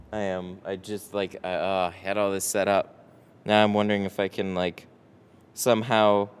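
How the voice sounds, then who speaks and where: A man's voice: lowish voice, clear, resonant tone. Tired, rambling man live-streaming. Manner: rambling, reads chat aloud, swears casually. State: tired, no coffee. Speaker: window tint shop owner streaming live. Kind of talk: casual live-stream chat.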